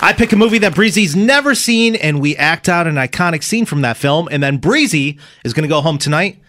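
A man hosting a morning radio show, telling stories and teasing his co-host in animated banter. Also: on the high side, brisk, no echo, clean studio sound.

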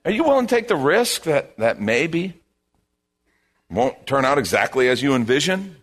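Male pastor, mid-pitched, lively and expressive delivery, conversational sermon style with repeated phrases. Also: normal speed.

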